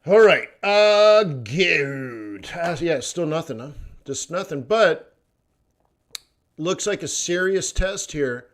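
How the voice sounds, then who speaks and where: Rambling, chatty man hosting a livestream. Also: fairly high pitch. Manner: rambling, chatty, laughs often, acts out quoted voices. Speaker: forex trading livestream host. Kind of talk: casual livestream chat.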